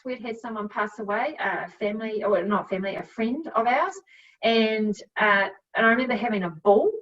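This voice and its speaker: A middle-aged woman with a New Zealand accent telling her story as a podcast guest, chatty and quick to laugh, with plenty of fillers. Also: mid-range voice, fairly bright tone. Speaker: guest, cycle coach. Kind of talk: casual storytelling. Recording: dull, a bit distant from mic.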